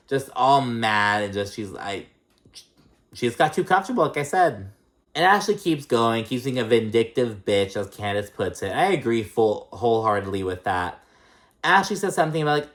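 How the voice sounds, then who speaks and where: A man's voice: mid-range voice, lively intonation, moderate pace, fairly bright tone. A man casually recapping a reality show episode, blunt and profane, with lots of fillers and strong opinions.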